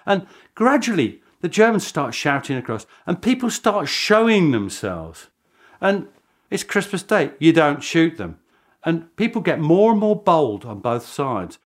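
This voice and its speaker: A male historian recounting events in an interview, his voice riding high and swinging up and down with lively energy. He chuckles often and restarts his sentences as he goes, in an animated storytelling manner. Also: a little slow. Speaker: historian guest.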